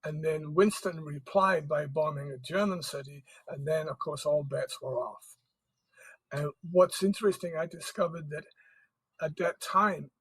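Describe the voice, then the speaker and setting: A man's voice: a little high, fairly bright tone, husky, low-quality recording. A man, an author guest in an interview, explaining history in a storytelling way. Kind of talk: interview conversation.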